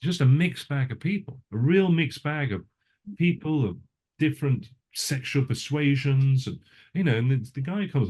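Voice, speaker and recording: In a relaxed interview, an older man who works as a cinematographer spins rambling stories, often breaking off to restart or add an aside. His medium-pitched voice has a darkish tone and lively intonation, moving at a normal speed.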